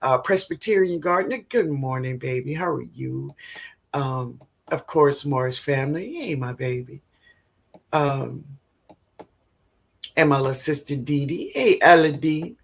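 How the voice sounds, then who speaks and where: A woman's voice: extremely low pitch, creaky. A middle-aged woman hosting a gardening live stream, chatting casually with viewers and affectionately calling them baby. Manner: affectionate, calls viewers baby, unhurried drawl.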